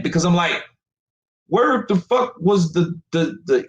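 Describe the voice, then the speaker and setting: A man's voice: sits high, very animated, unhurried, roomy sound, dull audio. A man giving a live-stream rant about boxing, frustrated and profane, often repeating himself. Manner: emphatic, profane, repetitive.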